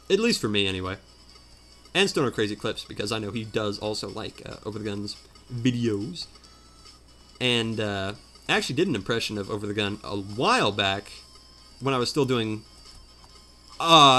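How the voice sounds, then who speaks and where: A man with a lowish, slightly bright voice chats at home while playing through a game. As a let's play commentator, he rambles casually, pokes fun at himself, and fills his talk with fillers.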